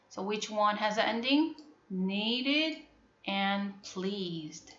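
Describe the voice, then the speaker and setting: A woman with a Korean accent, a native Korean speaker, teaching an English phonics lesson to a class, repeating words slowly and checking that students understand. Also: mid-range voice, fairly bright tone, a little hiss or hum. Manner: repetitive, drills words and asks if students understand. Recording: echoey classroom, dull lo-fi sound.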